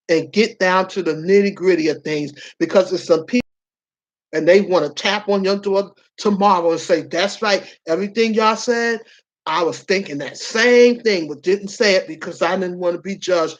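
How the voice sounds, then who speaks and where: A woman's voice: lowish voice, lo-fi sound. A woman hosting a casual chat show, frank and playful, laughing often between lines. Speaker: host.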